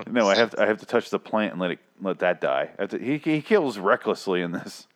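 Brief: deeper-voiced male co-host, sarcastic, profane, casual. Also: animated, fairly quick. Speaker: podcast co-host. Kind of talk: casual chat.

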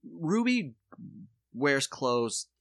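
Brief: conversational woman co-host, quick interjections, lively pitch. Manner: quick reactions, chatty back-channel. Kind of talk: casual chat.

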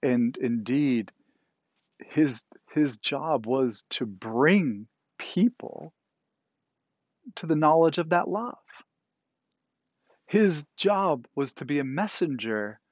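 A man's voice: a little high, animated, extremely slow, pauses often, dry recording, lo-fi sound. A man preaching a sermon in a conversational way, often checking in with "right?" as he retells a story. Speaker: pastor. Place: indoors, cool enough for a jacket.

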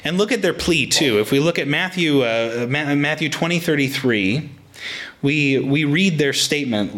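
Animated, bright-voiced male preacher. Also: fairly high pitch, moderate pace. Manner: animated, frequent restarts, acts out quotes. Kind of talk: sermon with personal anecdote.

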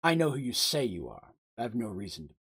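A man voicing a calm, sly older stranger who speaks in a dry, knowing way. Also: mid-range voice, fast, gravelly, breathy edge, voice pushed down, heavily acted. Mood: distrustful.

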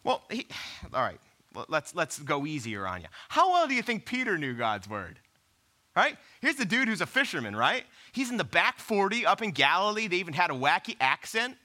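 A man preaching a sermon, conversational and animated, firing off rhetorical questions at the congregation. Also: high voice, normal speed. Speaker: pastor.

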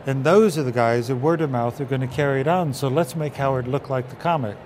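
A man's voice: medium pitch, a little fast, a little hiss or hum. A man guest telling anecdotes in an interview, acting out voices in his stories. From England. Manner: animated storyteller acting out quotes. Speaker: puppeteer guest.

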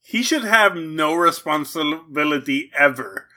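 High, bright-voiced joking man. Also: animated. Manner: quick crude jokes, chiming in over others. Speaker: podcast co-host. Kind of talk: casual chat.

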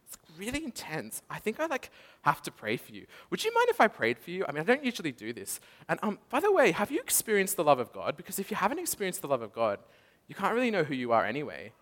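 A breathless young woman evangelist, as a man puts her on, her voice pitched high and bright. She gushes insistently, words tumbling out fast, and the sound rings in a long hall reverb. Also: huge pitch swings, exaggerated voice. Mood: gushing.

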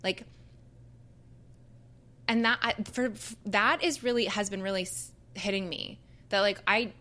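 A young woman in a casual conversation, talking earnestly and haltingly, full of likes and restarts. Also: medium pitch, fairly even intonation, bright, forceful tone.

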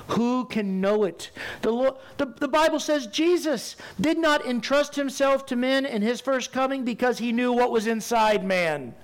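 Man, high voice, pastor preaching, animated, emphatic loud bursts. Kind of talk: sermon.

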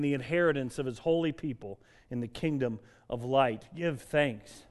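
A middle-aged man from Denver preaching a sermon as pastor, moving between emphatic declarations and soft, reflective passages. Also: medium pitch, normal speed, few pauses. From Denver, Colorado.

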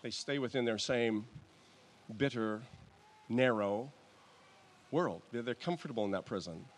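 A male pastor delivers a sermon in church with a medium-pitched voice. His style is conversational and halting, with restarts and soft chuckles along the way.

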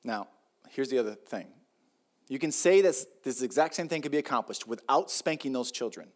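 A man's voice: mid-range voice, lively intonation, normal speed. A middle-aged male pastor preaching a sermon in a conversational, joking way, repeating key points for emphasis.

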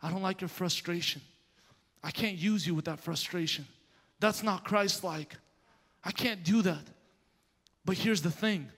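A man voicing a gentle, patient God, speaking softly and quietly in a sermon story. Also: sits high, unhurried, pauses often, full character voice. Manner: soft and hushed. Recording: long hall reverb.

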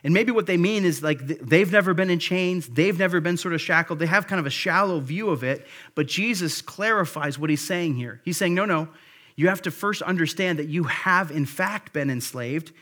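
A man's voice: fairly high pitch, moderate pace, sharp tone. Man preaching in a conversational voice. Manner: conversational preaching, paraphrases scripture in a casual voice; frequent restarts and fillers, then builds to emphatic points. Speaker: pastor. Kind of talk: sermon.

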